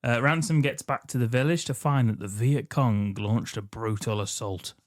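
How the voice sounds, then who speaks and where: A man's voice: mid-range voice, moderate pace, dry recording. A man with a mid-range voice walks through a film's plot as a podcast co-host. He is wry and crude and laughs often. The sound is dry and close, with no room around it. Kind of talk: casual chat recapping a film.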